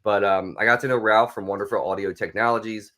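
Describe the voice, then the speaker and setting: Male podcast host, hoarse and raspy while recovering, fairly low voice, chatty and excitable. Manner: chatty and enthusiastic, quick bursts of excitement. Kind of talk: casual interview chat.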